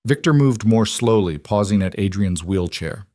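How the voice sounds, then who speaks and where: A man narrating a scripted story in an even, steady manner. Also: on the low side, moderate pace.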